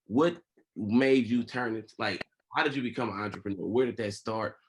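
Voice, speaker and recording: A male podcast host speaks in relaxed, casual conversation with a fairly low voice. He is laid-back and slangy, and he thinks aloud as he steers toward the next topic. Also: normal speed, slight background noise, rough recording. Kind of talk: casual chat.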